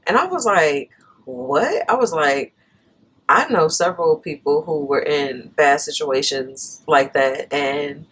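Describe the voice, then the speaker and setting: Animated woman with a low, lively voice. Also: slow, breathy edge. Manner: animated, laughing, talks back when interrupted. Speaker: podcast co-host. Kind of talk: casual storytelling chat.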